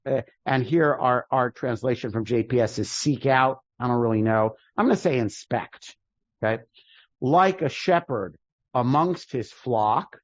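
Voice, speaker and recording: A man's voice: mid-range voice, no echo, highs cut off. A man, a rabbi, teaching a class in a casual lecture style, thinking aloud with restarts and rhetorical questions. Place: synagogue classroom with video call.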